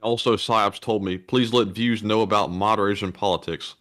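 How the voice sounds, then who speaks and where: Lower-voiced male co-host reading donations. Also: fairly even intonation, normal speed, fairly bright tone. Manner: reads donor messages, dry joking asides. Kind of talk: casual livestream chat.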